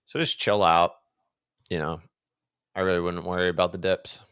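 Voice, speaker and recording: A man on a podcast video call, talking in a relaxed, joking way with lots of fillers. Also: sits low, normal speed, smooth. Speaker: podcast guest, crypto trader. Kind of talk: casual podcast chat. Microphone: webcam setup on a video call.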